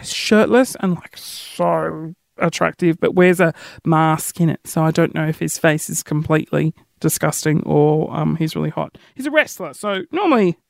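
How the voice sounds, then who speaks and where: A woman's voice: lowish voice, vocal fry, dry recording. Bubbly rambling woman podcaster, dry sound. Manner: rambling, giggly, bubbly tangents. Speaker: podcast host. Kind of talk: casual solo podcast chat.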